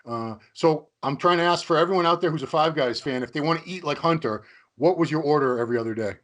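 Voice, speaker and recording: A man's voice: a little high, quick pace, a bit bright. A man hosting an interview, chatty and joking, asking long rambling questions. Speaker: interview host. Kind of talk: casual interview chat.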